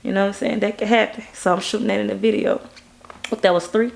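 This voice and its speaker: A woman from Baton Rouge speaks with a gravelly, fry-tinged edge in her voice. She tells stories in a casual interview as a music video director, with animated energy. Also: fast. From Baton Rouge, Louisiana. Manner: animated, acts out quoted people in a higher voice.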